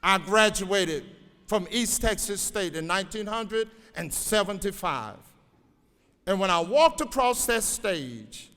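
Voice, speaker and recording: A man's voice: sits high, fairly bright tone, clear, resonant tone. A man in his sixties, an educator giving a motivational graduation speech with folksy storytelling, exhorting the crowd. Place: large auditorium. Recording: reverberant hall.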